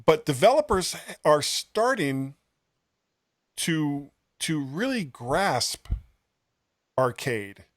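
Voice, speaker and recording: A man's voice: on the high side, very animated, extremely slow, pauses often, dry recording. A man co-hosting a casual tech podcast, rambling and chuckling as he recommends a game, poking fun at himself. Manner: rambling, chuckling, self-deprecating. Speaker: podcast co-host.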